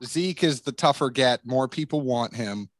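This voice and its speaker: A man's voice: medium pitch, normal speed, no room sound. A man from Massachusetts with a mixed, faintly New England accent, telling stories as a podcast guest in casual interview chat with self-deprecating humor. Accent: mixed, faint Massachusetts trace. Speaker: podcast guest, bourbon content creator.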